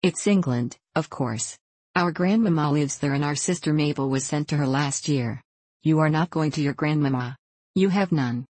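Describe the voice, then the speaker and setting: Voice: medium pitch, moderate pace, a little mellow, no room sound, close to an everyday voice. Figure: impudent seven-year-old boy, voiced by a storybook narrator. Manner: scornful, teasing. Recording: dry, close. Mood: mocking. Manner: scornful, mocking.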